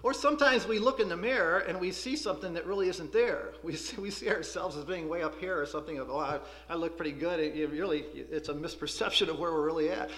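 A man teaching a Bible school class, preaching in an animated, conversational way. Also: high voice, quick pace, few pauses, a little hiss or hum. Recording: echoey room.

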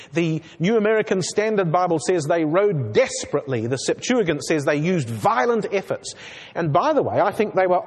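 A man delivers a sermon in a high, husky voice that rises and falls sharply as he presses his congregation with earnest rhetorical questions. His words ring out with a long reverb, as if heard in a large church hall. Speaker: preacher. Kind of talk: expository sermon.

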